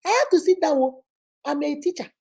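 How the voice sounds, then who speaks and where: A middle-aged Nigerian woman who works as a teacher and host gives an animated, preachy motivational talk, sprinkling in Igbo phrases. Her voice is high and fairly quick.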